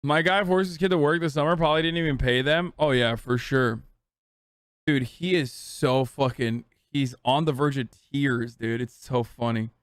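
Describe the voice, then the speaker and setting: A man's voice: medium pitch, steady tone, moderate pace, clear, resonant tone, dry recording, studio quality. A man in his thirties ranting and mocking in profane, casual live-stream commentary.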